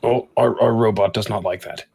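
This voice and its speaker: A man's voice: lowish voice, fairly even intonation, normal speed, gravelly, darkish tone, slightly rough. A man playing a tabletop game, talking hesitantly and stammering. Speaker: player. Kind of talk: casual game chat.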